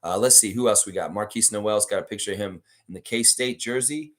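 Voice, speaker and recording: A hoarse man hosting a live sports stream, reading viewer messages aloud and ranting in a casual, swearing way. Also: on the low side, brisk. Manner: animated, reads chat messages aloud, swears freely.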